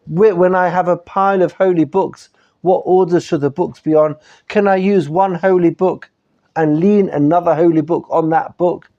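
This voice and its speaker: A man's voice: sits high, fairly even intonation, moderate pace, muffled recording. A man with a British accent teaching a live class as a rabbi, polite and orderly, laying out the lesson plan. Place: study hall.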